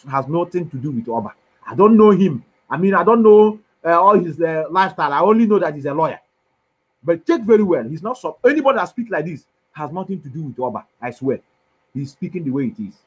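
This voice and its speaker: A man delivers a fiery political monologue. His voice is husky and sits a little high. He talks emphatically, like a preacher, and swings between loud and soft. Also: poor audio. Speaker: commentator.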